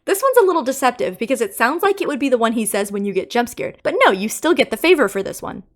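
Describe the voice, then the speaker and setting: Woman YouTuber, casual commentary, playful and opinionated, lively pitch. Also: fast talker. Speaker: game theory YouTuber.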